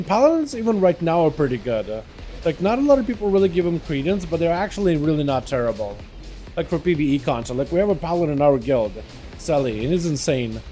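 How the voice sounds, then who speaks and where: Man, fairly high voice, mellow tone, casual gameplay chatter, faint music behind. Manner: chatty, lots of "like", greets viewers by name. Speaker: livestream host. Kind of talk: casual live gameplay commentary.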